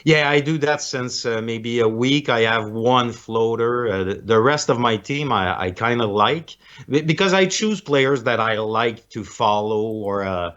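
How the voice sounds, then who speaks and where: A man calling in to a live show, speaking hesitantly with many pauses and slightly awkward phrasing. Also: medium pitch, lively intonation, fairly bright tone, highs cut off. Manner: hesitant, many "uh" fillers, non-native phrasing. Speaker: caller. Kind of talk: casual chat.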